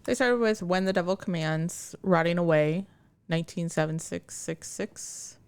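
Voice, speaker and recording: Woman, low voice, vocal fry, casual, hesitant. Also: normal speed, darkish tone. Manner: hesitant, short agreeing replies. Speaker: podcast co-host. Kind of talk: casual chat.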